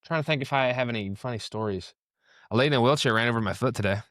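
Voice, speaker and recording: A man's voice: medium pitch, racing, fairly bright tone, dry recording, clean studio sound. A young man co-hosting a casual chat over a video call, talking in a loose, rambling way and breaking off mid-sentence. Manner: casual, rambling, self-interrupting. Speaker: co-host.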